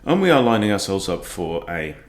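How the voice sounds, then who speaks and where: A man's voice: deep voice, big pitch swings, a little fast. A middle-aged man, a chess coach, giving self-mocking, exasperated live commentary on his own online games, sighing as he goes. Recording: echoey room.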